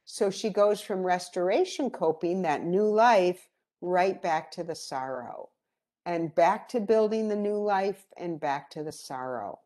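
Calm woman teaching about grief, low mellow voice, takes her time. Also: unhurried. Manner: calm, gentle storytelling. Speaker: grief educator. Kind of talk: educational presentation.

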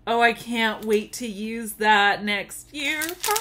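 Opening a gift on her laid-back vlog, this tumbler crafter, an adult with kids, gushes and giggles and frequently squeals happily. She talks slowly in a fairly high voice, and the audio is very noisy.

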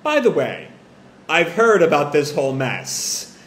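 A man's voice: a little high, very animated, unhurried, a bit bright. A man voicing a brash, teasing mother who cackles and jokes, reading a manga aloud. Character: brash laughing mother, a TV producer. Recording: echoey room, faint hiss.

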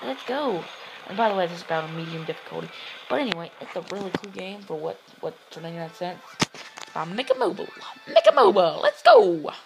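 An excitable man hosting gameplay commentary, shouting and whooping, his voice getting sore. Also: on the high side, very fast, gravelly, background noise. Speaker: gaming channel host.

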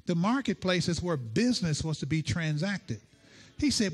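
A male pastor delivering a sermon, playful and animated, acting out quotes as he teaches. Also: fairly high pitch, moderate pace.

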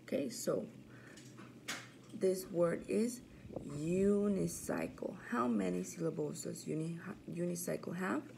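A woman teaching young children to count syllables. She says each word slowly, then repeats it. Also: fairly low pitch, creaky, mellow, a little hiss or hum. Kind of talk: slow, clear classroom lesson for young children.

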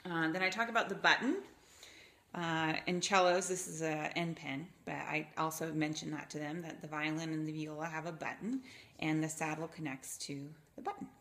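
Low-voiced woman explaining violin basics. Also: moderate pace, fairly bright tone. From Gainesville, Florida, USA. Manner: patient, explanatory, demonstrates pitches with her voice. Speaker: violin teacher. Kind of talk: instructional explanation for teachers and parents. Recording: roomy echo, faint violin.

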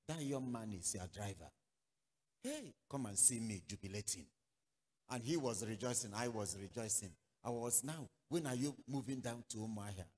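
Animated preaching man in a reverberant hall. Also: mid-range voice, slightly rough. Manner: animated storytelling, acting out dialogue, sudden loud outbursts. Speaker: pastor. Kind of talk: sermon.

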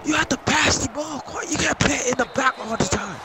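A man mimicking an angry English soccer coach in a put-on English accent, high and exaggerated. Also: brisk, heavy background noise. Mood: scolding.

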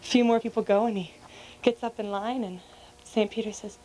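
A woman telling a joke to an audience in a lively, animated way. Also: medium pitch, brisk, rough recording. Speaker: storyteller.

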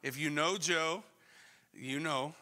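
A middle-aged male pastor preaching a sermon in a conversational, animated way, full of rhetorical questions. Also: a little high, slow. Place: church sanctuary. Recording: long church hall reverb.

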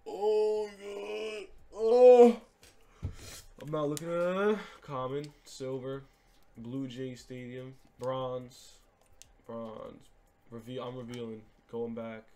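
A young man giving gaming commentary as he opens card packs, swinging between hyped shouts and deflated mumbling. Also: mid-range voice, steady tone, slow, a little hiss or hum. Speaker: gaming YouTuber. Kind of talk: pack-opening commentary.

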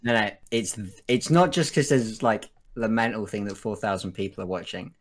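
A young man on a voice call, speaking low-key and dry. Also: lively intonation, moderate pace, crowd noise. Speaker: guest. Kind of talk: casual chat on voice call.

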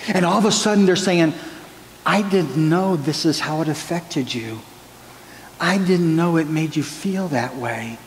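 Pastor preaching in a reverberant church. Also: male voice, fairly high pitch, measured pace. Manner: earnest preaching with prayer and counseling stories. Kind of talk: sermon. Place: church sanctuary. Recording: church hall reverb, faint room noise.

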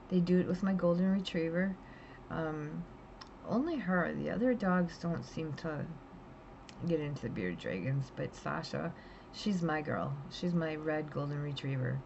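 Middle-aged woman vlogger, lowish voice, outspoken and rambling, dull home mic. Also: creaky, dark tone, a little hiss or hum. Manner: chatty, blunt, rambling with restarts. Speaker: pet vlogger. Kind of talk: casual storytelling vlog.

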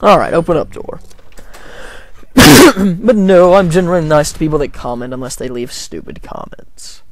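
Gravelly, jokey let's-play guy. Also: a little high, animated, moderate pace. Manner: rambling, jokey, self-deprecating. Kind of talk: casual gameplay commentary.

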